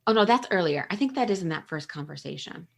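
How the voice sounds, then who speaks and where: A woman's voice: fairly low pitch, animated, fast talker, gravelly. A young woman hosting a casual book chat, gushing and laughing often as she reads favorite passages aloud. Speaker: book podcast host.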